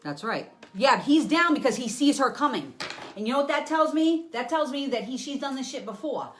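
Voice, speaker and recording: With a high voice at normal speed, a woman medium delivers a live psychic reading, and there's a faint hiss or hum in the audio. She swears freely, speaks bluntly, and dramatizes scenes with sound effects for an unseen listener.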